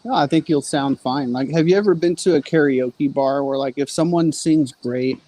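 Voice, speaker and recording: A man's voice: fairly high pitch, moderate pace, mellow, no room sound. A man in casual chat, curious and talkative, with lots of fillers. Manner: curious, chatty, hesitant with fillers.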